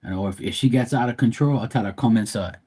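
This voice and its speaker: A man's voice: mid-range voice, fast, a little mellow, slightly rough. A man hosting a live stream, chatting casually with viewers in a blunt, profane, rambling way. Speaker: livestream host.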